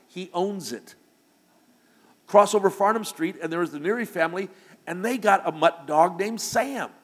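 An older man, a pastor, preaching a sermon through a long personal story, now and then breaking into loud shouts. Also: on the high side. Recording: long hall reverb.

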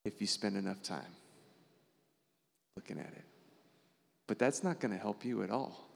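A man's voice: moderate pace, creaky. Earnest preacher man in a reverberant hall. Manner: checks in with listeners through frequent tag questions; earnest, animated preaching with sudden jumps in pitch. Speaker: pastor. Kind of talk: conversational sermon.

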